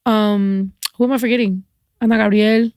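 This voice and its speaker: A woman from Mexico, a podcast guest, chatting in a frank, animated way with casual swearing. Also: mid-range voice, moderate pace, clear, resonant tone, dry recording, studio quality. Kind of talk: casual chat.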